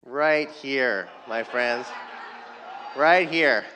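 A man introducing a guest speaker to a church audience in a slow, deliberate, announcing manner. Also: mid-range voice, pushed and bright, slight background noise, poor audio.

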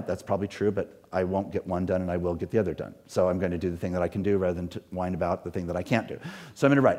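A man's voice: fairly low pitch, darkish tone. A middle-aged man, a pastor, talking in an earnest, rambling way with many restarts. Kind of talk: reflective talk.

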